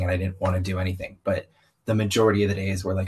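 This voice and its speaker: A young man from the American South with a slight Southern accent, speaking as an interview guest and telling his story openly, with animated quoted asides. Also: low voice, very fast, slightly rough. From Southern US, raised partly in Baltimore. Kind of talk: candid conversational interview.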